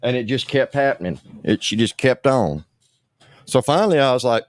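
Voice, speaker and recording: A man's voice: mid-range voice, lively intonation, normal speed, no room sound, clean studio sound. A man hosting a livestream, ranting bluntly with lots of swearing and repetition. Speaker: livestream host.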